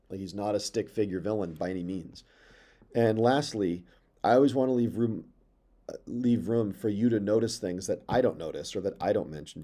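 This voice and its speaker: A male teacher giving an enthusiastic lecture on a poem and reading lines of verse aloud slowly. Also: low-pitched, dark tone.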